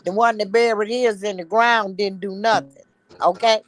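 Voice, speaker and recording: A woman's voice: mid-range voice, steady tone, normal speed. A woman, a guest on a casual video-call chat, ranting in a blunt, sassy way.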